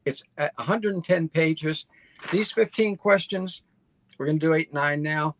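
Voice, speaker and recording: Enthusiastic man with gravelly voice. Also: on the high side, a little slow. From Baltimore. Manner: enthusiastic, repeats for emphasis. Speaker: podcast host. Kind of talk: casual interview chat.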